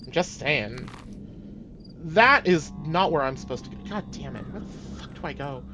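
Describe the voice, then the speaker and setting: A man streaming a game playthrough, reading the game's dialogue aloud in put-on British voices and reacting with excited swearing. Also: on the high side, moderate pace, noisy background.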